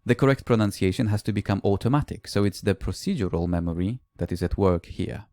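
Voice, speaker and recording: Low-voiced man giving a conference talk. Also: quick pace, dark tone, dry recording. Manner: explanatory, classroom anecdotes, occasional "uh" fillers. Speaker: language teacher and conference speaker. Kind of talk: recorded conference presentation.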